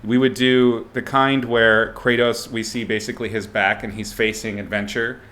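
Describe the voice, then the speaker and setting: A man's voice: medium pitch, level tone, moderate pace, bright, forceful tone. A man illustrator chatting casually with viewers as he sketches on a live stream, greeting people and thinking aloud.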